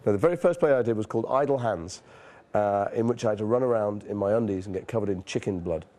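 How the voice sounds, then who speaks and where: Man, northern English accent, forties, deep-ish mellow voice, candid self-deprecating interview anecdotes. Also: fast talker. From northern England. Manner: frank, self-deprecating storytelling with casual swearing. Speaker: actor being interviewed.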